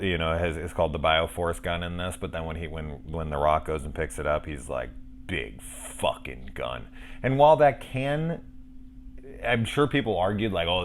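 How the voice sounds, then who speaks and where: A man in his forties, a film reviewer, delivers a casual review monologue about a movie in a rumbling low voice, with slight background noise. He's enthusiastic and rambling, restarting his sentences and swearing along the way.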